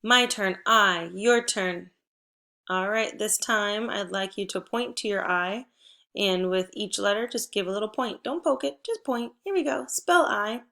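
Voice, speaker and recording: A woman teacher giving a spelling and phonics lesson to first graders, patient and encouraging, prompting with clear cues. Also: medium pitch, a little slow, pushed and bright. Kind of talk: phonics lesson for young children.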